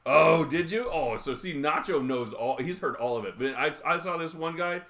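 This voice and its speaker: A man in his thirties hosts a relaxed livestream, spinning funny stories and acting out the people in them. His voice sits a bit high and comes through bright and forward, with laughter never far away. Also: normal speed. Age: 30s. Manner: animated, laughs often, acts out quotes. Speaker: livestream host. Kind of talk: casual storytelling chat.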